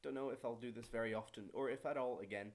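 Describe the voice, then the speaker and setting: A young man talks straight to camera in a casual ranting vlog, at an ordinary middle pitch. He is chatty and fast, restarts his sentences, and swings between louder bursts and quieter asides. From born in Morocco, raised in Brazil and Paris. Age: young adult. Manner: chatty and quick, self-correcting, lively swings in loudness. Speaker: vlogger and student pilot.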